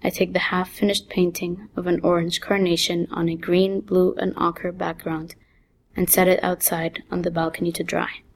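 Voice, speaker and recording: A woman author reading her own first-person short story aloud in a calm, unhurried manner. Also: lowish voice.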